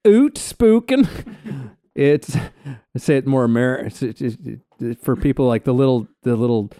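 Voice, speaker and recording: Easygoing podcast co-host, warm voice. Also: male voice, mid-range voice, steady tone, unhurried, no room sound, studio quality. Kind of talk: casual podcast chat.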